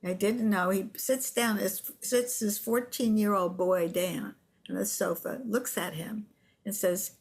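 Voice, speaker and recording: Older female guest, animated storyteller on a podcast. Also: medium pitch, a little slow. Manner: animated storyteller who acts out quotes. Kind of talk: storytelling interview.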